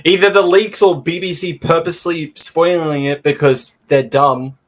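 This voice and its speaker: A man co-hosts a casual podcast chat with a dry, sardonic manner. He teases the others and sounds mildly exasperated in a deadpan way. His voice sits at an ordinary male pitch. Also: normal speed. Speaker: podcast co-host.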